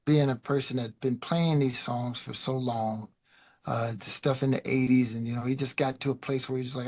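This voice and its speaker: A middle-aged man, a guest musician, telling loose, animated stories in a casual chat. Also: medium pitch, normal speed. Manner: animated, loose, peppered with "man" and "you know". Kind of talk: casual storytelling.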